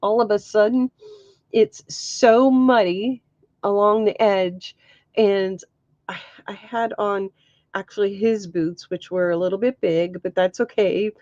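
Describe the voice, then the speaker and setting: A woman's voice: medium pitch, measured pace, darkish tone, no room sound, lo-fi sound. A middle-aged woman chatting casually to camera as a crafts vlogger, telling stories with frequent laughs and exclamations. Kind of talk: casual chat.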